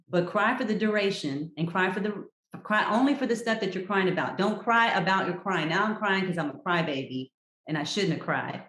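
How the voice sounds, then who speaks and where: A woman, a health coach guest on a podcast, giving advice in an emphatic, direct and encouraging way. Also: fairly low pitch. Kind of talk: casual chat, giving advice. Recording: roomy echo.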